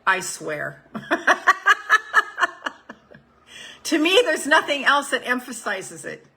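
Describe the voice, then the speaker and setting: Bright-voiced woman in her seventies. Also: fairly high pitch, very animated, normal speed, low-quality recording. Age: 70s. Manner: frank, swears freely, repeats phrases for emphasis. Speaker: life coach. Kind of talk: casual group call, reading affirmation cards.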